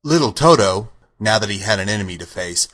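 Man, audiobook narrator, low voice, lively storytelling. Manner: measured, expressive storytelling. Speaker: audiobook reader. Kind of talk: scripted narration.

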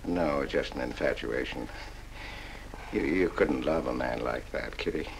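An actor playing a meek older man in a 1940s film noir, speaking in a gentle, halting, pleading way. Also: rumbling low, gravelly, slight background noise, exaggerated voice, low-quality recording. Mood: hurt.

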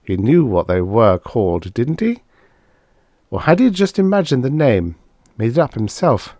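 A man narrating a vintage science fiction story aloud in an expressive, lilting storytelling manner. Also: mid-range voice, unhurried, no room sound, studio quality. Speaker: audiobook narrator. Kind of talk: scripted narration.

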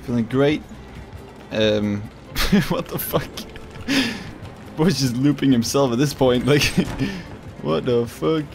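A man giving casual, excitable gameplay commentary, swearing often and talking to his opponent. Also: medium pitch, slow, soft background music. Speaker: gaming video creator.

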